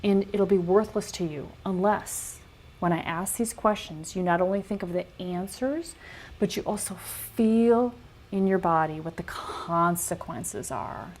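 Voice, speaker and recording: A woman's voice: lowish voice, measured pace. A middle-aged woman coaching a live online workshop, blunt and emphatic, swearing freely as she reads back what attendees type. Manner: animated, quoting attendees' typed answers back.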